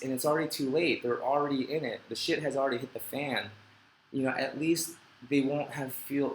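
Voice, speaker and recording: The recording is rough, echoey and slightly noisy: a middle-aged man at a desk microphone hosting a live question-and-answer stream. In a mid-range voice he reads viewer comments and rambles sincerely, joking at his own expense.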